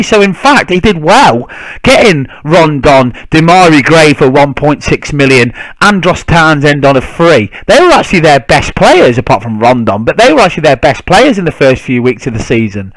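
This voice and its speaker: A man's voice: on the high side, sing-song, moderate pace, dry recording, poor audio. Heated man ranting. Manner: indignant, heated, swears freely. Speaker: football fan vlogger. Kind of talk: casual ranting monologue.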